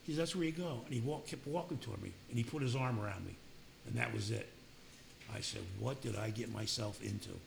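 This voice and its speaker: An older man tells a personal story in a gravelly, worn voice, plain and unpolished. He acts out what each person said as he goes. Faint noise sits behind him. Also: mid-range voice, a little fast. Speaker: speaker sharing his recovery story.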